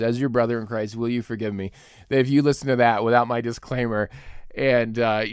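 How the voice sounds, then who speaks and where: Animated joking man with a smooth voice. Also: medium pitch, dry recording, studio quality. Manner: animated, joking, laughs often. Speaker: podcast host and pastor. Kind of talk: comic podcast rant.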